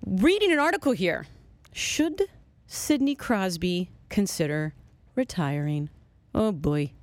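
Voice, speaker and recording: A woman hosting a sports radio talk show, telling stories in a chatty, animated way. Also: lowish voice, takes it slowly, no echo.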